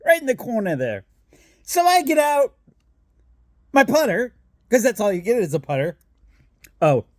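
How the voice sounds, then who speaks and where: A man's voice: extremely high pitch, sing-song, moderate pace, a little mellow, no echo, clean studio sound. A man from Toledo, Ohio telling rambling personal stories in a casual vlog, laughing often, swearing freely and doubling back on himself.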